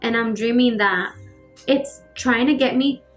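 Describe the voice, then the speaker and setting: A woman's voice: on the high side, a little slow. Chatty young woman telling a spooky story. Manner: chatty, many fillers, acts out the scenes. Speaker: YouTuber. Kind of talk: casual storytelling while getting ready. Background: faint background music.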